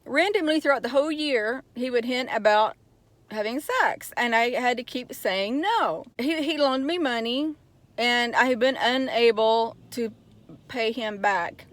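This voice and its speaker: A woman's voice: fairly high pitch, measured pace. A middle-aged woman telling a personal story in a candid vlog, getting frustrated as she goes. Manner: candid, gets heated and frustrated retelling. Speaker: vlogger.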